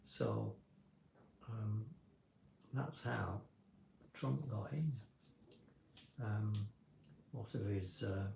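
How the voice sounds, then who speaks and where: A man's voice: fairly low pitch, very slow, vocal fry, pauses often, a little mellow, reverberant, slight background noise. A man vlogger talking casually to a livestream in a rambling, explanatory way, often restarting his sentences. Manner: rambling, self-correcting, explanatory.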